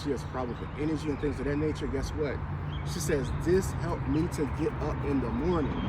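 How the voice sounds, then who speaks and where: A man's voice: medium pitch, heavy background noise. Upbeat man vlogging on a walk. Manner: upbeat and encouraging, addresses viewers directly. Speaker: health and wellness vlogger. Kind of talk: casual motivational vlog. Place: outdoors, walking on a route with trees.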